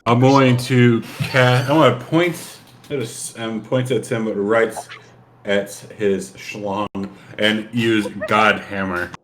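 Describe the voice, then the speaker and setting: A man with a lowish voice plays in a tabletop game and describes his moves slowly and haltingly, leaning on fillers. Faint room noise runs behind him. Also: steady tone, a bit bright. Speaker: player.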